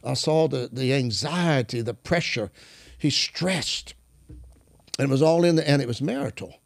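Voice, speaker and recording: Brief: male guest minister, gravelly voice, dry close sound, animated storyteller who restarts mid-sentence. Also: medium pitch, no echo. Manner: animated, acts out quoted dialogue; halting restarts while searching for words. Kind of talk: conversational testimony storytelling.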